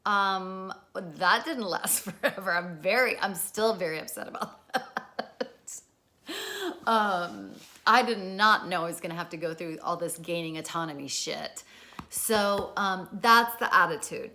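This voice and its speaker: Bright-voiced, candid middle-aged woman. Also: lowish voice, a little slow. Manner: candid, swears freely, acts out quoted people. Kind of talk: casual spoken talk.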